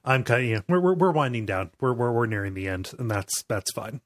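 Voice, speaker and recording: A man's voice: mid-range voice, fairly quick, no echo, clean studio sound. A man from Ohio hosting a casual podcast chat, often repeating words and laughing between sentences. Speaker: podcast host.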